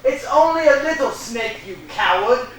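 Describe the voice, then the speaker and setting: Young actor as a dry, teasing gentleman, high voice, echoey stage from far. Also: lively intonation, moderate pace. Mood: commanding. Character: unflappable, wry English gentleman. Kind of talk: school stage play.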